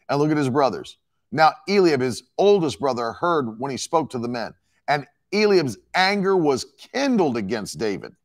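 A man's voice: fairly high pitch, creaky. A male preacher delivering an emphatic sermon, reading and explaining a Bible passage. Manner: emphatic, animated Bible exposition.

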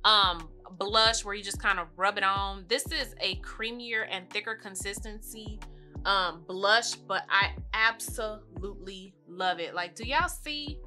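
A young woman walks viewers through her makeup in a chatty, fast-running way and laughs easily. Her voice is very bright and clear. Soft music plays underneath. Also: medium pitch. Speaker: beauty vlogger. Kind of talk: casual makeup tutorial.

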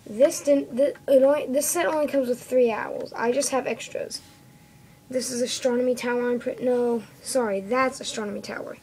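A woman's voice: on the high side, steady tone, moderate pace, mellow, slight background noise, poor audio. A woman giving a casual, rambling show-and-tell review of a toy set, often correcting herself and tagging lines with "okay?", recorded on a phone indoors at home. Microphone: phone camera.

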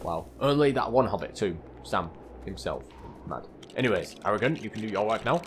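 A young man giving chatty, excitable commentary while playing a video game, often calling his viewers lads and mate. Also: fairly low pitch, a little fast, background noise. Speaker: gaming channel host. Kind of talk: let's play gameplay commentary.

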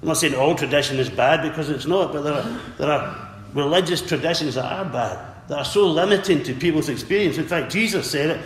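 A man's voice: fairly high pitch, brisk, few pauses, a little hiss or hum. A man preaching a sermon earnestly, repeating words and calling out for amens. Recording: echoey hall with faint ambience.

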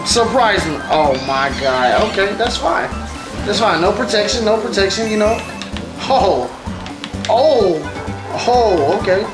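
A woman streamer giving casual, animated commentary over gameplay, talking straight to her viewers. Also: medium pitch, unhurried. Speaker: gaming streamer. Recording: roomy echo with faint background music.

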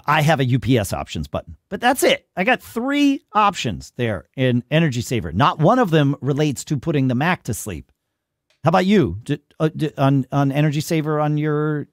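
Male tech-podcast host, lively and theatrical, mock-outraged, close dry studio sound. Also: mid-range voice, no echo. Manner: animated, mock-exasperated ranting. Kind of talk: casual tech podcast chat.

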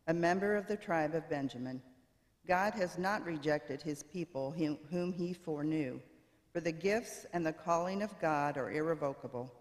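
A man reading scripture and a psalm aloud in a church service, in a measured, unhurried way. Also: on the high side. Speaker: scripture reader. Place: church sanctuary. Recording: church with long reverb.

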